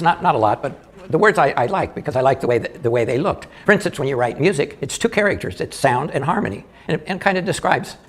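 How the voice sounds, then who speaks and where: An older man doing live stand-up comedy, telling jokes in a halting way with many restarts and small chuckles. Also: mid-range voice, fairly bright tone.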